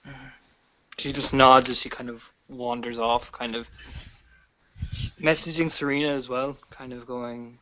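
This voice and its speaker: Guy casually playing his tabletop character, bright tense voice, lots of kinda and like. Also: medium pitch, little pitch movement, a little slow, pauses often, highs cut off, slight background noise. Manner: casual, with hedges and small laughs. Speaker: player. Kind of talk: narrating and voicing his character in a tabletop game.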